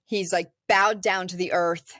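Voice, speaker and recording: A woman's voice: on the low side, fairly even intonation, measured pace, fairly bright tone, no room sound, studio quality. A woman co-hosting a podcast, casually recounting a film's plot step by step with a chatty, filler-laden manner. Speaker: podcast co-host. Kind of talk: casual movie discussion.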